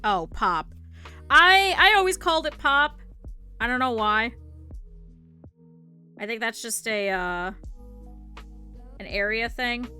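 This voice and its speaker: A young woman with a Midwestern accent talks casually and rambles as she crafts on a live stream. Her voice is bright and clear, with a middling pitch. Soft music plays faintly underneath. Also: lively intonation, takes it slowly, pauses often. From northern Ohio, US. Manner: rambling, chatty, thinks aloud. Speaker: VTuber streamer. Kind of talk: casual chat while crafting.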